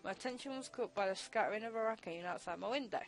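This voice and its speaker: A woman voicing a shy, soft-spoken bookish teenage girl, reading her lines hesitantly and quietly. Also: mid-range voice, fast talker, close to an everyday voice, rough recording. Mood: reflective.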